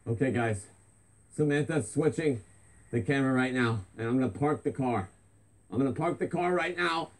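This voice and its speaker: A man's voice: medium pitch, normal speed. A man hosting a comedic vlog, hyped and out of breath, repeating himself as he walks outdoors. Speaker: parody vlogger host. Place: outdoors on a busy street. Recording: loud street noise.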